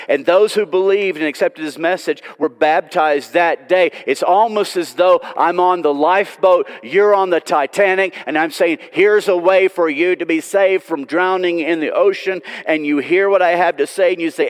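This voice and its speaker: A man's voice: fairly high pitch, measured pace. Man, pastor giving a Sunday sermon, earnest pleading delivery, long church reverb. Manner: pleading, earnest, swings from loud to hushed. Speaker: preacher. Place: church sanctuary.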